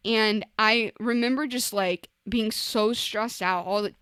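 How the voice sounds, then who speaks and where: Young woman, recording artist guest; candid, emotional storyteller, chatty fillers, smooth tone, dry close sound. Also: on the high side, steady tone, unhurried, fairly bright tone, dry recording. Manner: emotional, frequent "like" and "you know", restarts, acts out her own past words.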